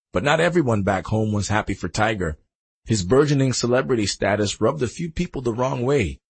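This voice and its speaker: A man narrating an audiobook with an expressive, varied delivery. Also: mid-range voice, creaky, breathy edge. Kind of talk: scripted narration.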